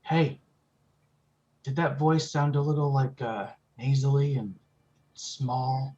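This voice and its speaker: A man playing a tabletop role-playing game, excitable and quick to swear. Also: medium pitch, lo-fi sound. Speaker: player. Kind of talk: casual tabletop play.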